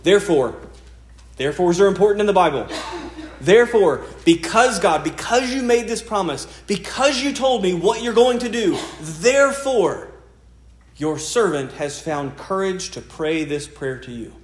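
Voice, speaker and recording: A man's voice: high-pitched, animated, moderate pace. A male pastor preaching a sermon in an earnest, conversational way, often repeating key phrases. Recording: echoey room sound.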